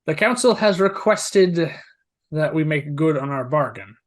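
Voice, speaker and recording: A man voicing a solemn high priest. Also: expressive. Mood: formal. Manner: formal, measured speech. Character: solemn high priest of a jackal god, male.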